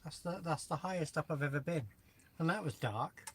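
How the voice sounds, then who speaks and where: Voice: mid-range voice, a little fast, slightly rough. A host from England chatting casually on a live chat, talking with a mouthful and apologising while eating cake.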